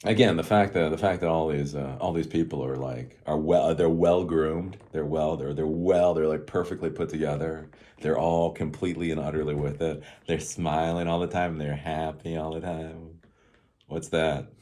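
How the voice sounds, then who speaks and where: A man's voice: very deep voice, steady tone, normal speed, mellow. A middle-aged man giving casual, sarcastic tech commentary as host, rambling and chuckling often.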